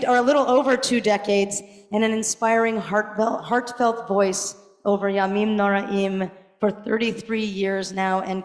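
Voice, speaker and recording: A middle-aged woman rabbi giving a gala tribute speech, earnest with touches of self-deprecating humor. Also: medium pitch. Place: large banquet hall. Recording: echoey hall with crowd murmur. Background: faint crowd noise.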